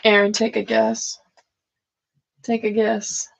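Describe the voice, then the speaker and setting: Gravelly, giggly woman reading tarot live. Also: on the high side, completely flat delivery, slow pace. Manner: giggly, playful, often breaks into laughter. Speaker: live-stream tarot reader. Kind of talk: casual live-stream chat with tarot reading.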